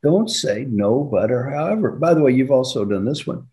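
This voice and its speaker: An older man coaching on leadership, telling anecdotes with a lively, swooping pitch. His voice is dark and mellow, and he acts out both sides of the conversations he recalls. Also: normal speed. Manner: animated, acts out dialogue with laughs. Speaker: executive coach. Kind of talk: storytelling leadership talk.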